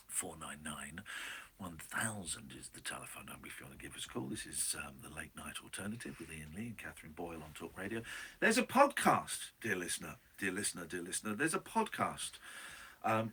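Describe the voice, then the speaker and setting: Drawling radio host, bright-voiced. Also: male voice, sits low, breathy edge. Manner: rambling, drawling, playful asides. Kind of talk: late-night talk radio chat.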